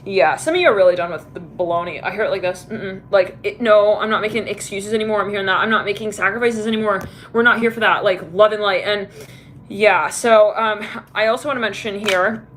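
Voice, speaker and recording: A woman's voice: fairly bright tone, slight background noise. Chatty woman giving a tarot reading. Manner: chatty, laughing, voices quoted people in a high pitch. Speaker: tarot reader. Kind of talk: casual tarot reading to camera.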